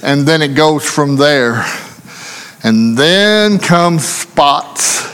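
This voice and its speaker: A man's voice: on the high side, animated, extremely slow, fairly bright tone, clear, resonant tone. A male preacher giving a sermon in earnest, repetitive rhetorical questions, speaking in a church. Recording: long hall reverb.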